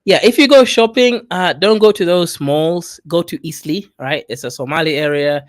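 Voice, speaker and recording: A man's voice: a little high, moderate pace, dry recording. A man from Kenya hosting a casual chat, giving advice and often saying "right?". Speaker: host.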